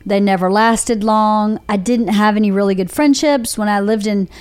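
A woman in her forties with a Southern accent from Georgia, hosting a podcast and telling candid stories with lively quoted voices. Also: medium pitch, moderate pace, smooth. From Georgia, USA. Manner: candid storytelling with animated put-on quotes. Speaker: podcast host. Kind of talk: casual chat.

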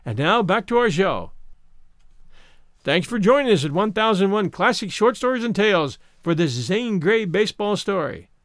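Animated male storyteller, higher voice. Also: normal speed, no room sound, studio quality. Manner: expressive, animated reading. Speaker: podcast host and narrator. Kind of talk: audiobook narration.

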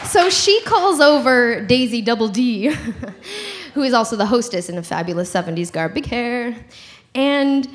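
A woman's voice: a little high, measured pace. A woman telling a comic personal story live, giggling and acting out the voices of others. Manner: animated, giggly, acts out quotes.

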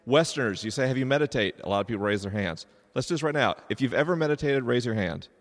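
A man giving a live talk to an audience, animated and joking as he addresses the crowd. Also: medium pitch, quick pace. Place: large stone church, live event. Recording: live hall with long reverb.

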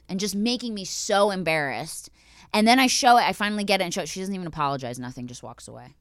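Profane, animated woman podcast host. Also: mid-range voice, quick pace, dry recording, clean studio sound. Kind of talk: casual chat.

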